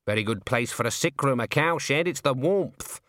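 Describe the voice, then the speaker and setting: A man voicing a stern, sharp-tongued old witch woman who snaps commands. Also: mid-range voice, animated, normal speed, no echo, studio quality, close to an everyday voice.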